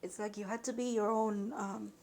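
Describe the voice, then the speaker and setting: A woman giving an intuitive spiritual card reading, emotional and halting, with sighs and restarts. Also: mid-range voice, steady tone, darkish tone.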